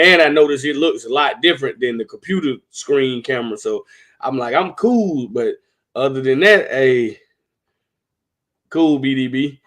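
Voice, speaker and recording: A man hosting a live stream, chatting in a relaxed, talky and animated way. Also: mid-range voice, normal speed. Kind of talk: casual chat on a live stream.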